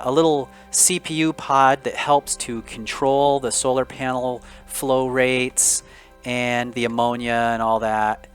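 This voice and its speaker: A man casually narrating his space building game, explaining parts in a relaxed, rambling way with fillers. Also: medium pitch. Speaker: gaming video creator. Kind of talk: casual gameplay commentary.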